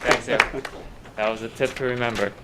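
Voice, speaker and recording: A man's voice: mid-range voice, steady tone, normal speed, very noisy. A man hosting a club meeting. He thanks the last speaker and moves things along in an upbeat way, with fillers. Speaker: meeting host. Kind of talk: meeting emcee talk.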